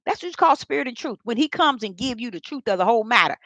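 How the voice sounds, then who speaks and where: A woman's voice: on the high side, lively intonation, fast, a bit bright, dry recording, highs cut off. An older woman telling a heartfelt spiritual testimony, repeating herself and speaking straight to her viewers. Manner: repetitive, heartfelt storytelling that addresses viewers directly. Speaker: vlogger sharing a personal faith testimony.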